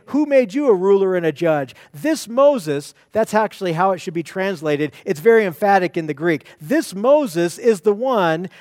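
A man's voice: sits high, no room sound, clean studio sound. A man preaching an expository sermon, emphatic, often repeating and restarting his phrases.

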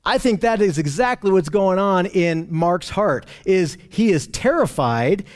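A man teaching a Bible study lesson over a map, explaining in a steady way with frequent restarts and fillers. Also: high voice, unhurried.

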